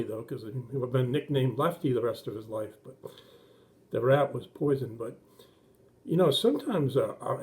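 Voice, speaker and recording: A middle-aged man giving a children's sermon, explaining things simply and gently and acting out the voices in his story. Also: mid-range voice. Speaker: children's pastor.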